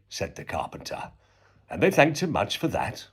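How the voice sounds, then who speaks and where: A man reading a storybook poem aloud, slow and expressive with dramatic pauses. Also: low-pitched, husky. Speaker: reader.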